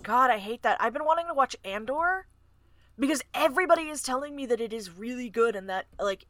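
A woman's voice: sits high, expressive, a little fast, fairly bright tone, no echo. A young woman co-hosting a casual podcast, blunt and opinionated, with lots of fillers. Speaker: podcast co-host. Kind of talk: casual chat.

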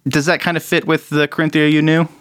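A man's voice: fairly high pitch, level tone, fast, a bit bright, clear, resonant tone, no room sound, studio quality. A man narrating as game master of a tabletop role-playing game, often laughing as he goes.

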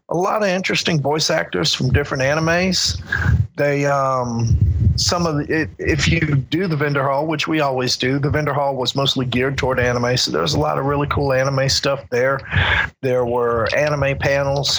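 Gravelly easygoing convention host. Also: male voice, a little high, fairly even intonation, unhurried, fairly bright tone, a little hiss or hum, low-quality recording. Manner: easygoing, rambling with restarts and chuckles. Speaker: convention organizer and podcast co-host. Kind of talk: casual podcast chat.

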